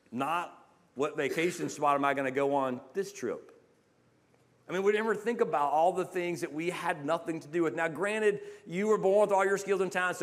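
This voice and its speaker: Middle-aged guy preaching a sermon at church, kinda high voice, talks like he's chatting, goes low n soft on the big points. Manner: conversational preaching, voices imagined speakers, drops low to stress a point. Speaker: pastor.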